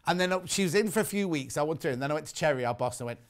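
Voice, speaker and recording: A man's voice: a little high, animated, rapid-fire. A middle-aged man presenting fabrics on a live shopping show, chatty and teasing. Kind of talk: live sales presentation with chat.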